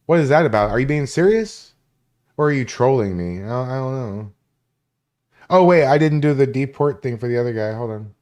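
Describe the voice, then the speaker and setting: A man's voice: medium pitch, lively intonation, moderate pace, darkish tone. A man hosting a live stream, ranting at chat viewers in a combative, profane way. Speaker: livestream host. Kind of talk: live stream commentary rant.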